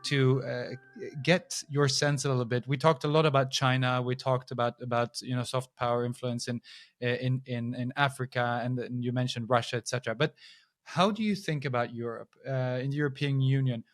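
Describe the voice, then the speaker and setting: A man hosting a podcast, asking long questions with many halting restarts. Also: mid-range voice, fairly even intonation, no room sound, studio quality. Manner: halting, repeats words while asking questions. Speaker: podcast host. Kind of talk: interview questions.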